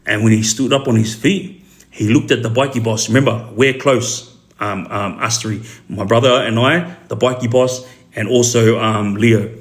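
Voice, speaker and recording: A man's voice: on the low side, fairly even intonation, normal speed. A middle-aged man with an Australian accent tells a story in a casual, rambling way, with many fillers and asides.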